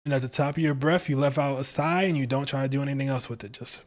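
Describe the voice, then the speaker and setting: A man's voice: medium pitch, fairly even intonation, fast talker. Male tarot streamer, mid-range voice, loose and slangy, jokes and laughs between points. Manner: playful, slangy, laughs often. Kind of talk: casual livestream tarot talk.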